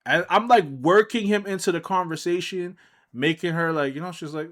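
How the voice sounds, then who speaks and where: A man streamer casually telling a personal story, animated and laughing, swinging between mumbles and shouts. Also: high voice, fairly quick. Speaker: streamer reacting to a video.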